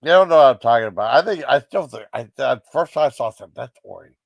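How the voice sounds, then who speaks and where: A man's voice: mid-range voice, expressive, fast talker, gravelly, dry recording. A man casually reviewing comedy sketches, rambling with many fillers and giggly asides. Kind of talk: casual chat.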